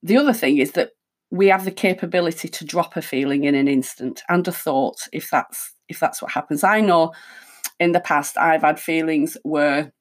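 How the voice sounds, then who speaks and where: A woman hosting a reflective self-help talk, speaking calmly and conversationally as she thinks aloud. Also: low voice, normal speed. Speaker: host.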